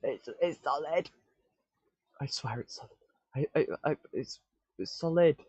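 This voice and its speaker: Guy streaming and muttering to himself, gets all excited, trips over words, dull dry audio. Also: a little high, a little slow, husky, dry recording. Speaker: live-coding streamer. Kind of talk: casual live-stream self-talk.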